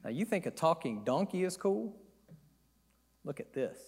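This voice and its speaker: Preacher, animated storytelling sermon, high voice, echoey hall. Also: male voice, normal speed, breathy edge. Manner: animated, conversational retelling.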